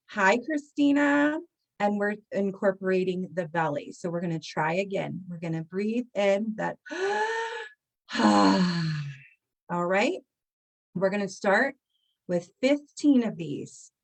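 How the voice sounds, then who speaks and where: A woman's voice: mid-range voice, a little slow. A woman leading a guided breathwork class, speaking soothingly and encouragingly, with audible sighs and breaths between her cues. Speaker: breathwork instructor.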